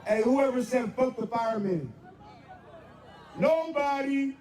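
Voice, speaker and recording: A man with a very high voice leads a street protest, shouting a rally speech and call-and-response chants. He is picked up from some distance away. A loud, noisy crowd fills the outdoor street around him. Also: takes it slowly, roomy sound. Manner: shouting, repeats "am I right or am I right". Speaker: protest leader. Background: loud crowd noise.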